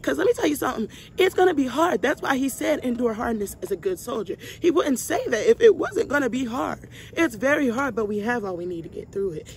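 A young woman vlogger leads a Bible study in a fairly high, very animated voice, talking briskly with few pauses. She preaches casually and from the heart, stressing points by repeating lines and speaking straight to her viewers as "y'all." A slight hiss or hum runs under the recording.

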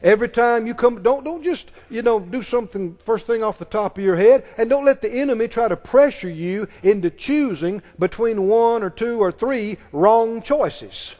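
A man's voice: very high voice, animated, normal speed, few pauses, mellow. A man preaching a sermon emphatically and leading his congregation in call-and-response. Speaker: pastor. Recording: long reverb of a large hall.

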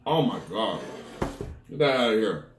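A man's voice: lowish voice, expressive, normal speed, noisy background. A man reviewing odd food combos for his viewers, groaning and complaining theatrically at every taste. His voice swings widely up and down. The sound bounces around a roomy, echoey space. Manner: dramatic, groaning reactions to the taste; talks straight to viewers as "people". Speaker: snack review vlogger. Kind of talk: casual food-tasting vlog talk.

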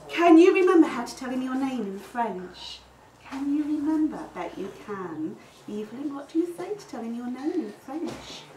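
A woman teaching French to nursery children, speaking in a slow, exaggerated, encouraging sing-song way in a classroom. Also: high-pitched, big pitch swings, mellow. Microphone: far camera. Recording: echoey classroom from far off, faint noise.

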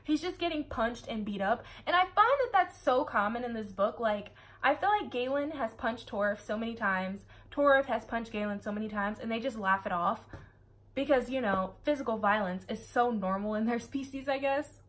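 Woman, book review vlog, casual chat, sarcastic asides, a bit high-pitched. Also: expressive, normal speed, fairly bright tone. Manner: chatty, sarcastic asides, frequent laughter.

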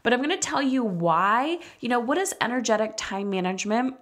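A woman in her thirties hosting a solo parenting podcast, speaking candidly and conversationally, slowing down to stress key points. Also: on the high side, lively intonation, a bit bright. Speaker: podcast host and parenting coach.

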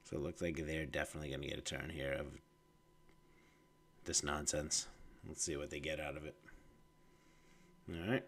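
A very deep man with a gravelly, fry-laden voice, sounding nasal and congested with audible heavy breathing. He mutters his way through a card game, thinking aloud in casual commentary. A faint hiss of background noise sits under him. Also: little pitch movement, moderate pace, pauses often, a bit bright. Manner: muttering thoughts while playing. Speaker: gameplay streamer.

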